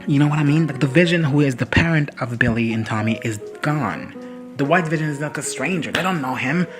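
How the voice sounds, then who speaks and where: A man's voice: on the high side, fairly quick, over music. A man casually recapping a show in a reaction video, rambling, swearing and laughing often.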